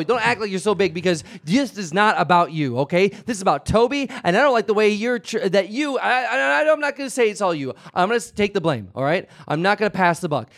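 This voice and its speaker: A man hosting a live improv comedy show, talking in a blustering way and stumbling into restarts. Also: high voice. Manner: animated, blustering, stammering restarts. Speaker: show host.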